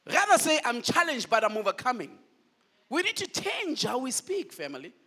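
High-voiced, animated preacher man. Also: normal speed, slightly rough. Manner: call-and-response preaching, questions to the congregation; animated, shifts between loud declaring and quiet asides. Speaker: pastor. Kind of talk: sermon.

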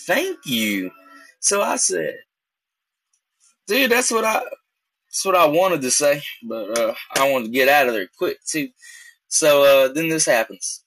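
A man's voice: fairly high pitch, a little slow, pauses often. A young man telling a rambling, casual story, acting out each exchange as he goes. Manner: rambling, animated, acts out quoted exchanges. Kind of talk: casual anecdote.

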